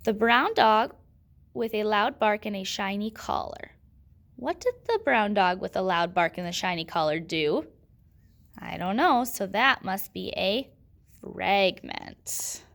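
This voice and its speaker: A woman's voice: medium pitch, animated, takes it slowly, gravelly, a bit bright. A woman teaching a grammar lesson, patiently asking questions and answering them herself.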